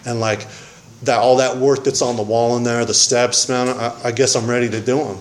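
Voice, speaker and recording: A man's voice: medium pitch, flat delivery, fairly quick, slight background noise. A man telling his recovery story at a meeting in a casual, rambling, slangy way, often saying man and dude. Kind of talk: casual personal testimony.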